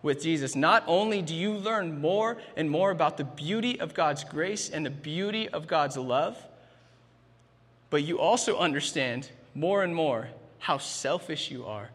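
A man's voice: a little high, expressive, a little slow, fairly bright tone, breathy edge, in a large hall. A man in his thirties preaching a sermon, emphatic, often starting lines with "man" and restarting phrases. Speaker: pastor.

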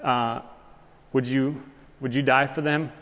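A man preaching a sermon as pastor, reading scripture aloud and speaking with animated, rising intensity. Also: mid-range voice, slow pace. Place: church sanctuary. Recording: long hall reverb.

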